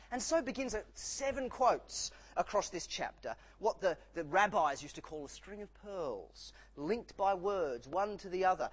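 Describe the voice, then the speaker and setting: Man, preacher, sermon, emphatic, high voice, very lively pitch. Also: measured pace, slightly rough, rough recording. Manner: emphatic, rising and falling for effect.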